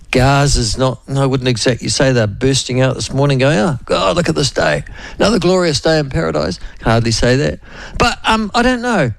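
A man's voice: on the high side, no room sound, low-quality recording. A man hosting a radio talk show, rambling wryly through a casual monologue with jokey asides. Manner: rambling, wry, jokey asides with put-on quoted voices. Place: radio studio.

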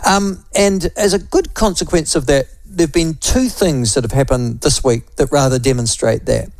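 A man's voice: a little high, unhurried, no echo, low-quality recording. A middle-aged man with a New Zealand accent hosting a talk radio show, delivering a combative, sarcastic opinion monologue with frequent asides.

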